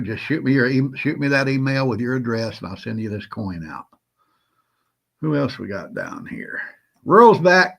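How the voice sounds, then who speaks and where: A man's voice: medium pitch, gravelly. A man with a Southern accent hosting a casual livestream, greeting viewers by name in a folksy way. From Southern United States. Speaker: host of a prepping livestream.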